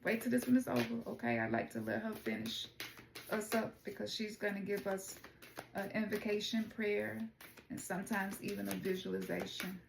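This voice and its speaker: A middle-aged woman with a Memphis Southern accent chats informally through an oracle card reading, calling her viewers y'all. Her voice has a gravelly edge. The sound is roomy, with a clear echo around her. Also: medium pitch, lively intonation, normal speed, background noise. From Memphis, Tennessee. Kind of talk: casual spiritual card reading.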